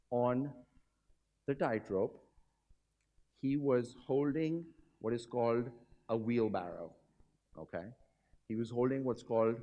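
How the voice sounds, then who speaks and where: Man, keynote speaker, lively pitch, storytelling, quizzes the audience, motivational business talk. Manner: animated, swings pitch and volume. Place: hotel conference hall.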